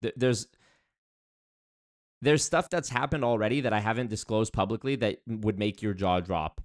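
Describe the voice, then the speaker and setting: Rambling young male streamer, lowish voice. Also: moderate pace, dry recording, clean studio sound. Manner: rambling, animated, with many fillers and restarts. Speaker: streamer reading chat. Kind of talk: casual livestream chat.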